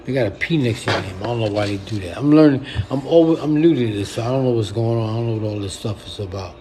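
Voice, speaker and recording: A middle-aged man rants casually to viewers of his livestream. His voice sits at an ordinary pitch with a mellow, dark tone, and a faint hiss of noise lies underneath. He talks bluntly and swears freely, often circling back to repeat his points. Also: animated, quick pace. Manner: blunt, profane and repetitive, speaking to viewers. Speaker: poet and livestreamer.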